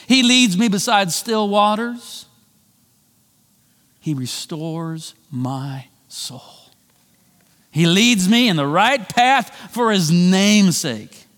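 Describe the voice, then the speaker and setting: High-voiced man preaching in a reverberant church. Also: a bit bright. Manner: preaching with wide swings of pitch and volume, slowing for emphasis. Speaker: pastor. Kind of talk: sermon.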